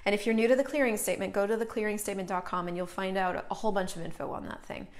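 A woman's voice: mid-range voice, fairly even intonation, very fast. A middle-aged woman hosting a live stream, talking casually and greeting viewers by name as she goes. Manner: chatty, greets viewers by name mid-sentence.

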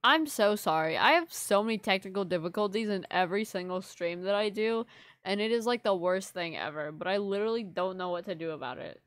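A woman's voice: medium pitch, fairly quick, fairly bright tone, no echo, clean studio sound. Rambling apologetic young woman streamer. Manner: rambling, apologetic, filler-heavy. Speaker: livestreamer. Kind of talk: casual live-stream chat to viewers.

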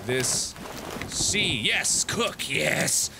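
A man hosting a casual co-op gaming session, joking and animated, often trailing off mid-sentence. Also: fairly high pitch, very slow, creaky, heavy background noise. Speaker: host.

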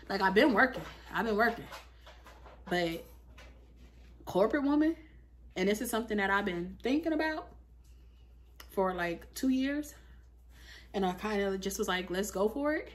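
A woman in her thirties chatting casually in a home vlog, animated and talkative, full of fillers like "like" and "you feel me". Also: mid-range voice, normal speed, pauses often. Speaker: lifestyle vlogger.

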